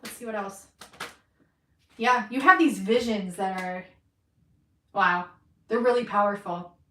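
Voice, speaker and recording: A woman's voice: medium pitch, a little slow, fairly bright tone, roomy sound, far from the mic. A woman giving an intuitive reading to a viewer, emphatic and encouraging, swearing freely for emphasis. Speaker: tarot reader.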